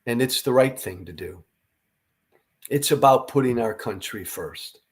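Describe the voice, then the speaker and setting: A middle-aged man delivers a political commentary monologue at a slow, deliberate pace, his voice tired after a night without sleep. He speaks earnestly and emphatically, blunt enough to throw in the odd swear word. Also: mid-range voice, lively intonation. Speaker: podcast host.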